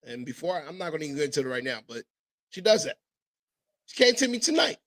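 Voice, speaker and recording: A man hosting a casual podcast chat, telling stories as a father in an animated, profane way and mimicking other people's voices. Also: fairly high pitch, fast. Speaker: podcast host.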